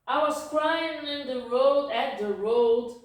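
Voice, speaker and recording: A native Portuguese-speaking woman teaches a language lesson slowly, with a fairly high voice. She keeps checking in with "ok?" and corrects herself as she goes. The recording is very echoey, with her voice picked up from a distance. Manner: repeats words and checks in with "ok?" constantly; self-correcting, apologetic asides. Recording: very echoey room, distant mic.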